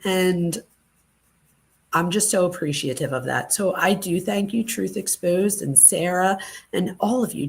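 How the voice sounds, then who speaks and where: A woman's voice: on the low side, animated, measured pace, vocal fry, a little mellow. A woman hosting a true crime livestream, gushing with thanks to her viewers and moved close to tears. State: teary, close to crying. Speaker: true crime channel host. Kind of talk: casual livestream chat.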